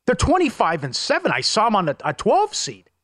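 A man co-hosting a sports betting show from a casino studio, brisk and opinionated, rattling off records and stats. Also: sits high, wildly swooping pitch, fairly bright tone, no echo. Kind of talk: casual sports talk.

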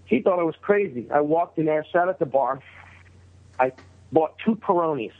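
A middle-aged man from New York, sitting in as a guest and spinning a story in loose, casual talk. His voice sits a little high for a man, and he keeps slipping into the voices of the people in his story. It all comes through a thin, tinny line that sounds like a phone. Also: normal speed. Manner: animated, acts out quoted voices in a higher pitch.

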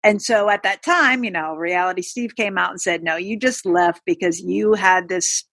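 A woman co-hosting a casual chat, talking in a meandering way with frequent pauses. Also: fairly low pitch, fairly bright tone, no echo. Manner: meandering, many fillers and restarts. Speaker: podcast co-host.

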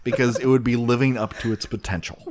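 A man's voice: mid-range voice, fairly quick, background noise. A man co-hosting a podcast, joking and laughing often in casual comedic chat. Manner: joking, animated, frequent laughs. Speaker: podcast host.

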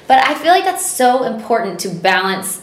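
A woman's voice: a little high, moderate pace. Chatty woman in a roomy space. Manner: chatty, expressive, frequent "like". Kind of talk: casual chat. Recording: roomy echo, faint noise.

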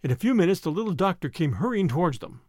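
A man narrating an audiobook in an expressive, clear storytelling manner. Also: high-pitched, quick pace, dry recording, clean studio sound.

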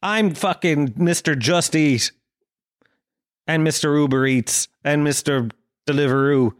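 A man's voice: on the high side, measured pace, no echo, studio quality. A man hosting a comedy podcast, ranting in a profane, self-mocking monologue. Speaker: podcast host.

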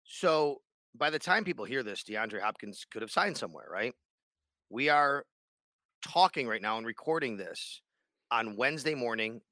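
Male sports radio host, bright dry voice, rambling casual podcast chat. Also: mid-range voice, animated, normal speed, dry recording. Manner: rambling, many restarts and fillers.

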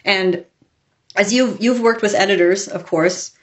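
A woman author telling stories in a casual interview, chatty and animated, acting out quotes as she goes. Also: medium pitch, unhurried. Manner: chatty, animated storytelling with laughs and acted quotes. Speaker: author, podcast guest.

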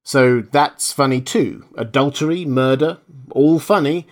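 A man's voice: medium pitch, unhurried, pitched above the performer's own voice, lightly acted. A man voicing a stiff, sullen male grandmaster who speaks sharply in clipped, pointed questions. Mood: stern.

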